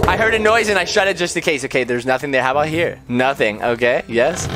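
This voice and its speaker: A man hosting a gaming video, joking loudly through gameplay commentary with frequent sudden yelps and screams. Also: medium pitch, expressive, fast, hardly any pauses. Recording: game music playing loudly underneath. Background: game music.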